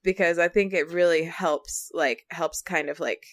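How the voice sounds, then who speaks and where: A woman with a fairly low voice talks through a casual podcast chat. She rambles, circles back on herself and fills her speech with filler words. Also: fairly even intonation, unhurried, a bit bright. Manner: rambling, with many fillers and restarts. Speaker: podcast co-host.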